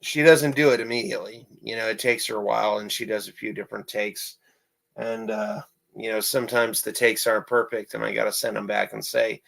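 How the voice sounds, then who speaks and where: A man's voice: fairly low pitch, steady tone, fairly quick, gravelly, a bit bright, rough recording. A young man talking casually in a vlog about his writing and animation work, rambling and repeating himself with many fillers. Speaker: amateur animator and writer.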